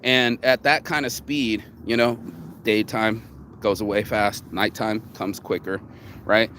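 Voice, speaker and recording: A man's voice: lowish voice, fairly even intonation, unhurried, pushed and bright, slight background noise. A man vlogging outdoors in a rambling casual monologue, cocky and profane, circling back and restarting his thoughts. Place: outdoors in the sun.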